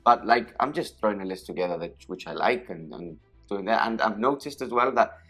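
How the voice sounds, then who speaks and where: A man's voice: on the low side, animated, fairly quick, a bit bright, faint music behind. A man chatting casually about a tabletop wargame he just lost, rambling with a wry tone. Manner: rambling, many restarts and fillers, wry. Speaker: wargame player.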